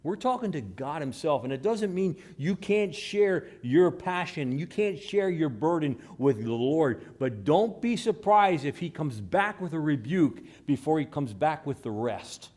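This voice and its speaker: Guy preaching a sermon, kinda high voice, drops quiet then gets loud. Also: lively intonation, a little slow, hardly any pauses. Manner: dramatic shifts between hushed and raised delivery. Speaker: pastor.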